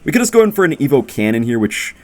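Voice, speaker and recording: A young man giving excitable, jokey live commentary on his own gameplay, talking straight to viewers and yelping when surprised. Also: fast. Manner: bursts into loud high-pitched exclamations when surprised. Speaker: gaming YouTuber.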